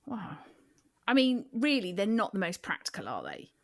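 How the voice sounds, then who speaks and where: A woman's voice: mid-range voice, huge pitch swings, normal speed, gravelly, a bit bright. A woman co-hosting a casual comedy chat, dry and teasing. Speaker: podcast co-host.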